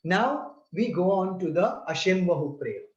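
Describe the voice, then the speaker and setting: A man giving a slow, deliberate lesson that explains a prayer and breaks its words into syllables. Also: sits high, animated. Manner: deliberate, repeats and spells out syllables. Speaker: religious teacher. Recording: roomy, slightly dull sound.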